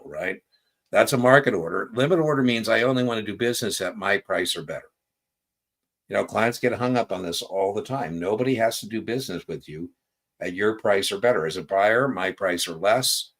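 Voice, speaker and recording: A man's voice: fairly low pitch, brisk. A man coaching exam takers on a live stream. He talks casually, often asks "right?", and tells stories from his own life as examples.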